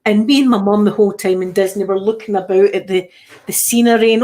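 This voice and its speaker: A woman's voice: medium pitch, fairly even intonation, fast, a little mellow. Chatty Scottish woman telling stories. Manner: chatty storyteller who acts out the voices in her stories. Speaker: channel host. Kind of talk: casual live chat.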